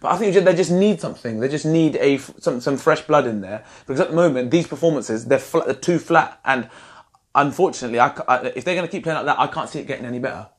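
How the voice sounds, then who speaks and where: A man talks football fast and hard, piling up rants with plenty of swearing. His pitch sits in a middle range for a man, but he pushes his voice up whenever he gets worked up. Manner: animated, ranting, swearing. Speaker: football fan channel host. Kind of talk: casual football chat.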